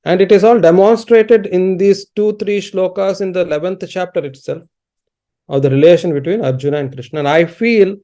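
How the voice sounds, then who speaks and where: A man giving an online spiritual lecture as a teacher, explaining in a measured, unhurried way with pauses, over a video call. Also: sits high, dark tone. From India. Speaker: teacher of Sanskrit and dharma.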